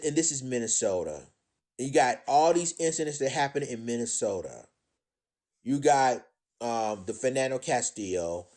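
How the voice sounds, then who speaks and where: A man giving indignant live-stream commentary, addressing his audience as ladies and gentlemen, often repeating himself. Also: on the high side. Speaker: commentator on current events.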